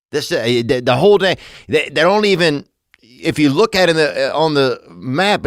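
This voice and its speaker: A man's voice: mid-range voice, very animated, moderate pace, a bit bright, no echo. A man talks in a loose, meandering comedic monologue, drifting into silly wordplay and half-finished asides. His voice sits mid-range and the sound is dry and close, with no room around it. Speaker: podcast host.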